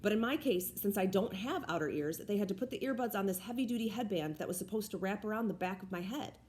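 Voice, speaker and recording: A woman reading a first-person children's novel aloud in an expressive style. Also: medium pitch, fast talker, a little hiss or hum. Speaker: reader. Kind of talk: audiobook read-aloud.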